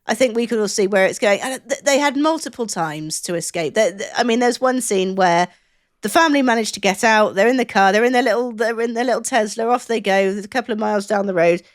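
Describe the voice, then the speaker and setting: A woman's voice: a little high, quick pace. Chatty sweary woman. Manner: chatty, sweary, restarts often. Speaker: podcast co-host. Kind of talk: casual review chat.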